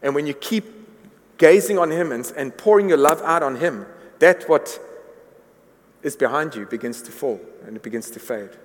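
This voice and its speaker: A man delivers a sermon in a large church hall, his voice trailing off into a long reverb. He speaks earnestly and sits a little high in pitch for a man, and he often stumbles over and repeats words while building toward a point. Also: moderate pace. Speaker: pastor.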